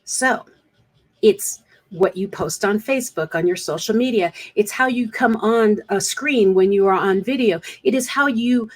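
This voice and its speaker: A woman speaker coach addresses the camera directly in an advice vlog, earnest and coaching, repeating points for emphasis. Her mid-range voice has a breathy edge.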